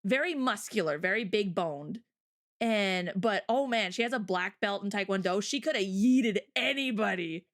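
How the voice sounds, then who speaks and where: A woman's voice: mid-range voice, lively intonation, normal speed. A woman hosting a casual chat, telling stories in a bubbly, giggly way. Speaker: host.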